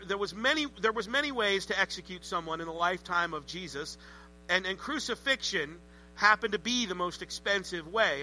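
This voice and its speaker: A man preaching a sermon in a conversational, animated way with joking asides. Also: high-pitched, slight background noise, low-quality recording. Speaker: pastor.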